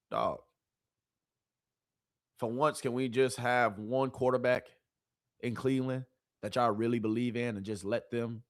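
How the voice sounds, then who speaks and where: A woman streamer giving casual, animated sports commentary, full of rhetorical questions and slang. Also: very deep voice.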